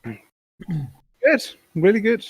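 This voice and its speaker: A man calling in over a voice call, telling a personal story in a calm, matter-of-fact, rational way. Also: sits high, very slow, slightly rough, no echo. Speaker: caller.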